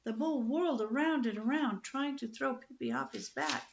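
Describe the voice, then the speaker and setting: An older woman reading a children's book aloud in a lively, expressive storytelling manner. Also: on the high side, moderate pace, dull audio.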